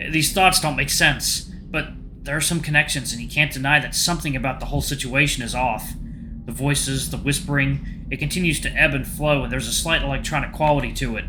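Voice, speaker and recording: A male let's play host reading a visual novel aloud with steady storytelling. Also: medium pitch.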